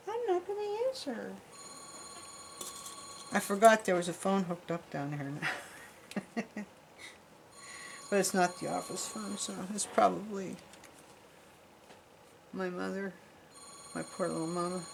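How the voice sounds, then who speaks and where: A woman's voice: lowish voice, slight background noise, low-quality recording. Chatty woman demonstrating jewelry crafts. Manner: chatty, rambling, talks while working with her hands. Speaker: jewelry-making instructor. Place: craft workshop.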